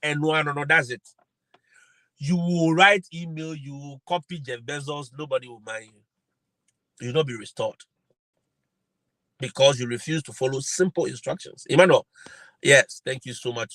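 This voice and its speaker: A man's voice: mid-range voice, fairly even intonation, normal speed, pauses often, sharp tone, no room sound, rough recording. A man hosting a live-stream advice talk. He is preachy and emphatic and repeats his phrases. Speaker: host giving advice to teachers.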